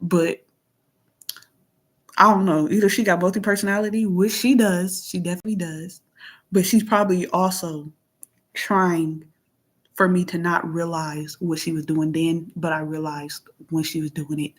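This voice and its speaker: A woman vlogger with a voice on the low side vents in a casual monologue, reading text messages aloud and reacting to them. She sounds plainspoken and aggrieved, repeats herself, and often clears her throat.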